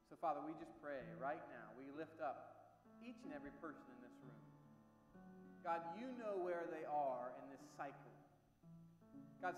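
A man leading a fervent closing prayer at a church service, repeating his thanks in a rising prayer cadence. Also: medium pitch. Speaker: pastor. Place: church sanctuary. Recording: echoey hall with music behind. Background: soft instrumental music.

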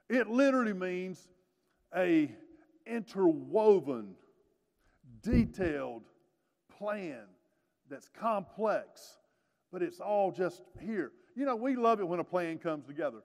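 A high-pitched man in his sixties preaches a sermon in a church sanctuary, with a long reverb trailing his words. He swings from hushed, quiet lines to loud, emphatic peaks and drops in folksy, joking asides. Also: animated, takes it slowly, long pauses. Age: 60s. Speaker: pastor.

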